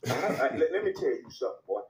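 A man's voice: fairly high pitch, big pitch swings, fast talker, a little mellow, roomy sound, a little hiss or hum, rough recording. A man voicing a domineering male network boss who scolds and barks orders in a comedy skit. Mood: threatening. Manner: scolding, barking orders, profane.

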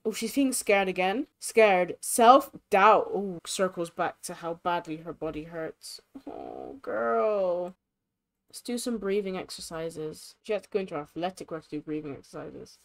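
A young woman giving casual, chatty commentary on a life-simulation game, expressive and sympathetic. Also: lowish voice, a little slow, creaky. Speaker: gaming creator.

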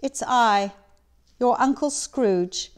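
A woman voicing an old man, a reformed miser who turns giddy and briefly feigns gruffness, in a dramatic reading. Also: fairly high pitch, slow pace. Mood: excited. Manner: excited, exclaiming. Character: old male miser turned jolly, gruff.

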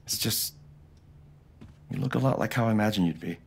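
An actor playing a teasing, easygoing young brother in a video game. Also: male voice, on the low side, a little fast, creaky, darkish tone, breathy edge, heavily acted. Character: teasing, warm young adult older brother.

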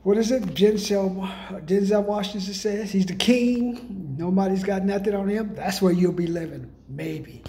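A man's voice: measured pace, warm tone. A man ranting in a comedic monologue as a self-styled sales guru, profane and rambling in streetwise slang, pushing his pricey programs. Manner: hard-sell pitchman. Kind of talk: comedic rant.

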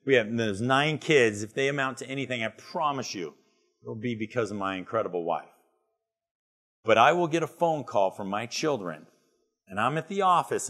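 Middle-aged male keynote speaker, storytelling, emphatic, animated. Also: mid-range voice. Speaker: business speaker. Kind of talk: motivational keynote talk. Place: retreat event.

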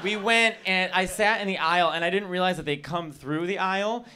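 A man doing stand-up, telling animated stories and answering audience questions on stage. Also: high voice, a little fast, heavy background noise. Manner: animated, laughing, acts out voices. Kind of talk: stand-up crowd work, casual storytelling. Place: stage in a comedy venue.

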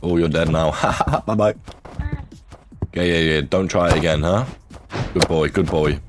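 A man's voice: low-pitched, unhurried. A man streaming a game, taunting other players with cocky trash talk and laughing often. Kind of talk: trash-talking gaming commentary. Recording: loud game noise under voice.

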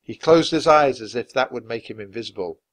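Expressive man reading a children's book. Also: medium pitch, brisk, dry recording. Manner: clear, expressive narration. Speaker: storybook reader. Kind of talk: children's book read aloud for learners.

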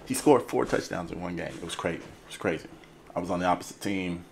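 A man's voice: low voice, quick pace, creaky, background noise. A man hosting his channel in a casual, playful chat, rambling and joking before a game trailer reaction. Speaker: host.

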